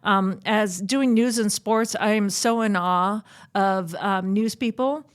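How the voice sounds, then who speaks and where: Chatty, animated woman host. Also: medium pitch, slow pace, clear, resonant tone. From Boston area. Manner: animated storyteller, laughs often. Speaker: podcast host. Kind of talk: casual chat.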